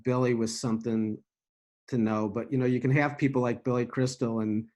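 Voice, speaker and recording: An agreeable man co-hosts a casual podcast chat and often pauses to hunt for the right words. His voice has an average pitch for a man. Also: flat delivery, a little mellow. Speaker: podcast co-host.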